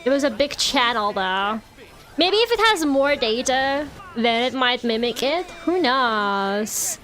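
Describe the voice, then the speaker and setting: A woman's voice: on the high side, lively intonation, takes it slowly, a bit bright. A young woman streaming a game, chatting casually and ranting with lots of "like"s. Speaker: VTuber streamer. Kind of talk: casual live-stream chat while gaming.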